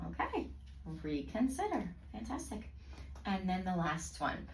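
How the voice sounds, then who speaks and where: A woman tutor coaching a student through a reading lesson, with a lively, swinging pitch and frequent warm praise. She breaks words into slow, carefully spaced syllables. The sound is roomy and picked up from some distance, with faint background noise. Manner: encouraging, praising often; slow, clearly segmented word pronunciation.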